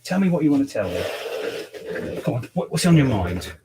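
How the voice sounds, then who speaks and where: A man talks while he cuts hair in a barbershop, chatting for a livestream. His voice sits at an ordinary middle pitch, and he swears freely as he goes off on exaggerated, mock-furious rants. Faint background noise hangs under the talk. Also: sing-song, brisk. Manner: sweary, ranting, mock-outraged.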